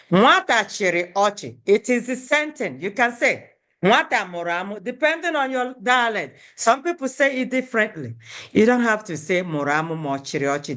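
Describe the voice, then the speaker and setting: A woman's voice: fairly low pitch, fairly bright tone. A woman teaching a beginner language class, patiently repeating each word and breaking words into syllables.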